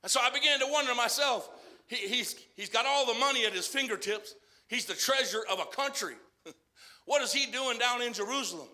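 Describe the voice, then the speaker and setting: A man from Arizona preaching a folksy sermon, repeating himself as he builds to loud exhortation and then drops quiet. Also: very high-pitched, brisk.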